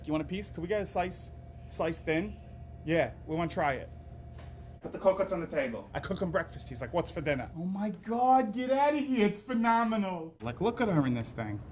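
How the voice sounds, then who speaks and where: A bossy middle-aged Italian mother, put on by a man in a comedy sketch, nagging and hollering across the house. The voice sits high and leaps all over the place. A faint hum of ambience sits underneath.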